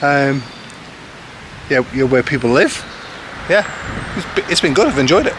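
Man, expat vlogger, everyday mid-pitched voice, loose chatty delivery, recorded outdoors over traffic noise. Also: lively intonation, moderate pace. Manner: chatty, self-deprecating, lots of ums. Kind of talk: casual rambling chat to camera. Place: outdoors in a village.

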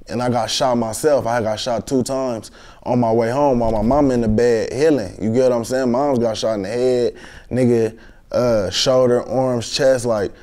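Slangy young man with a mellow voice. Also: medium pitch. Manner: slangy, many fillers. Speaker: guest. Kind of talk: street storytelling interview.

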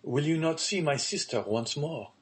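A man's voice: fairly high pitch, expressive, moderate pace, voice pushed up, close to an everyday voice. A man voicing an earnest grieving young son. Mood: pleading. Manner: earnest, pleading.

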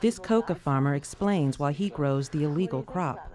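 A narrator reading a scripted documentary in an even, measured way. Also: medium pitch, a crowd in the background. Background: music.

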